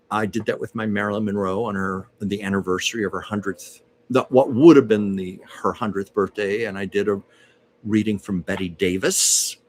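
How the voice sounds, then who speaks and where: A man's voice: fairly low pitch, slight background noise. A man hosting a casual livestream at home, chatting and reading viewer comments aloud as a psychic medium.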